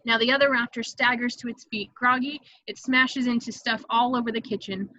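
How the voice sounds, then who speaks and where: A woman reading stage directions aloud in an amateur online table read, brisk and vivid, with occasional slips she corrects. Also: on the high side, steady tone, pushed and bright, dull audio.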